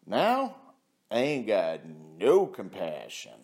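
A man speaking in a blunt, profane ranting monologue. He talks slowly, his voice rising and falling a lot, and he laughs at his own stories. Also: on the low side, huge pitch swings, darkish tone. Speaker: vlogger.

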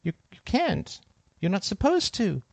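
A bored, nasal teenage girl who answers curtly and flatly, as a male storyteller puts her on. The voice sits well above his own and comes across dry and close. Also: fairly high pitch, moderate pace, no room sound, pitched above the performer's own voice. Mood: flustered. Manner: bored, flat, curt.

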